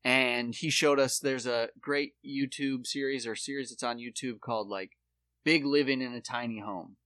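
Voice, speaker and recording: A man's voice: medium pitch, steady tone, normal speed, pushed and bright, dry recording, studio quality. A man hosting a podcast in casual chat, telling rambling, profane stories with lots of fillers. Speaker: podcast host.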